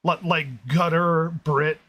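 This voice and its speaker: A man co-hosting a casual show review, his voice sitting a little high for a man. He talks in an animated way, laughs often and drops low to hammer home a point. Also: takes it slowly, a crowd in the background. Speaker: podcast co-host.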